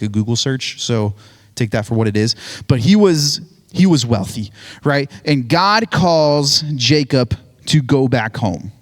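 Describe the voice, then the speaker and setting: A man giving a casual, joking sermon, retelling a Bible story with lots of "like" and "right?". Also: mid-range voice. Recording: hall reverb on voice.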